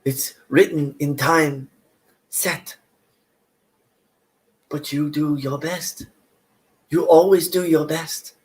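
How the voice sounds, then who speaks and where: A man reading a play aloud, voicing a grieving wife who speaks in a soft, consoling way. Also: on the high side, fairly even intonation, slow pace, pauses often, voice pushed up.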